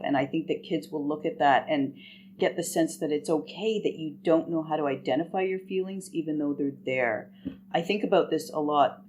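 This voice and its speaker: A woman's voice: low voice, a little mellow, a little hiss or hum. A woman, a guest author on a podcast interview, speaking with thoughtful enthusiasm.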